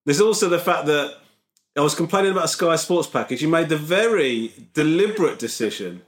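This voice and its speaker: A man's voice: a little high, expressive, fairly quick. A man in casual podcast banter, wryly teasing his co-host and picking apart his stories.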